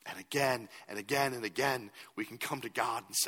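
A man's voice: mid-range voice, brisk, few pauses, sharp tone, husky, long reverb tail. A man preaching a sermon as a pastor, earnest and at times emphatic.

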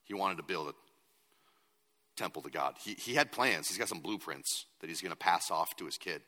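Deep-voiced pastor preaching in a hall. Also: male voice, expressive, normal speed, sharp tone. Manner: earnest, builds to emphatic. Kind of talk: sermon.

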